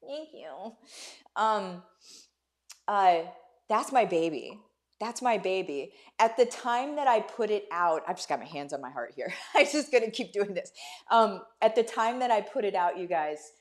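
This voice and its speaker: A woman's voice: mid-range voice, animated, moderate pace. A woman hosts a live video for her followers, her voice tearful and a little shaky. She speaks from the heart and repeats key phrases with a preacher's emphasis. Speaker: online business coach and livestream host. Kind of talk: emotional live video talk to viewers.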